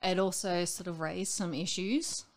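A woman's voice: on the low side, fairly even intonation, unhurried. Woman in her late 30s, interview guest, candid and rambling, acts out quotes. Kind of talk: candid personal conversation.

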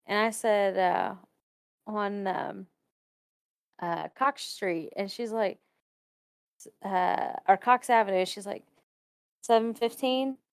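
A woman's voice: medium pitch, takes it slowly, creaky, pauses often, clear, resonant tone, dry recording, clean studio sound. A woman from Ohio casually telling a spooky personal story, laughing often and acting out the people she quotes. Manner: animated, laughs often, acts out quoted voices. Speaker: guest telling a ghost story.

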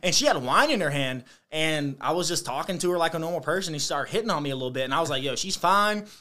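A young American man casually telling stories in an animated, slangy way, with lots of fillers. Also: fairly high pitch, racing. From United States. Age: young adult. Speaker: guest. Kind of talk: casual storytelling chat.

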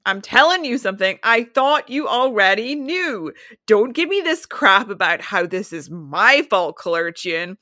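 A woman voicing a gruff, exasperated male street informant who scolds bluntly. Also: medium pitch, very animated, unhurried, sharp tone, dry recording, studio quality. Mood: scolding.

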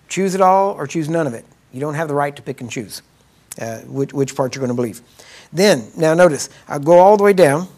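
A middle-aged man teaching a Bible course in a sermon-like way, talking casually and checking in with his listeners, slowing down to stress key words. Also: on the high side. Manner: conversational, checks in with the audience with "right?" and "Amen?"; emphatic, slows down to stress scripture words. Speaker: minister teaching a healing course.

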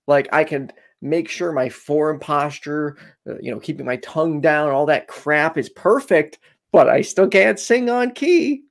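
A man's voice: on the high side, animated, unhurried, gravelly. A man co-hosting a casual call-in show, rambling with many fillers and restarts.

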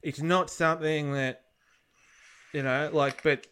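A man's voice: a little high, fairly even intonation, slow pace, sharp tone, smooth. An Australian man co-hosting a podcast, rambling bluntly in casual chat and swearing now and then. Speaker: podcast co-host.

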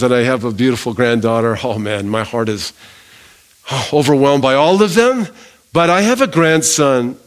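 An older man preaching a sermon as pastor, emphatic and constantly asking the congregation questions. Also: fairly high pitch.

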